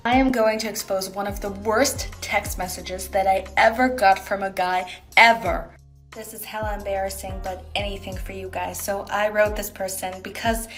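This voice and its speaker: Sarcastic woman ranting about a guy. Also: medium pitch. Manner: indignant, sarcastic, animated storytelling. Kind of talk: confessional vlog rant.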